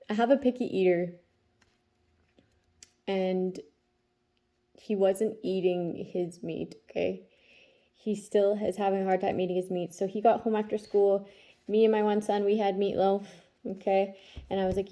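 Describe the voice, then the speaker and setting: Woman, 30s, tarot reader, chatty, warm mellow tone, keeps asking "okay?". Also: mid-range voice, dull audio. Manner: chatty, tags lines with "okay?". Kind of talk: casual spiritual vlog talk.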